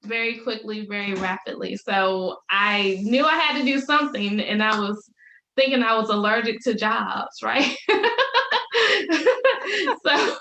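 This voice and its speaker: A woman's voice: medium pitch, measured pace, pushed and bright. A woman in her thirties, a business coach talking as a podcast guest, upbeat and laughing often as she tells stories. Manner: upbeat, laughs often, faith-filled storytelling. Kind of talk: casual interview chat. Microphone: video call. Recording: roomy echo.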